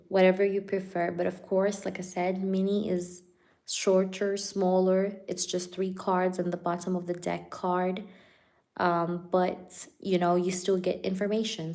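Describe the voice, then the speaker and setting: A woman with a slightly low voice runs a casual live tarot reading. She chats loosely with her viewers, laughing often and filling her speech with "like" and "you know." When she asks the spirits for cards, her voice drops softer. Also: flat delivery, moderate pace. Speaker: tarot reader hosting a live stream.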